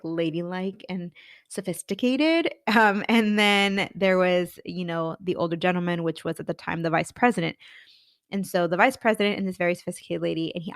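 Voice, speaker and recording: A woman's voice: fairly low pitch, no room sound, studio quality. A woman in her thirties, a career coach and podcast host, telling her own story candidly and acting out her past thoughts. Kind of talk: personal storytelling.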